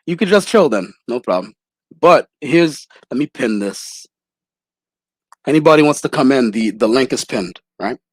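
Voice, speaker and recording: Animated man hosting a livestream. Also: medium pitch, moderate pace, breathy edge, dry recording. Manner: animated, laughs often, swears casually. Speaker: livestream host. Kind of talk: casual livestream chat.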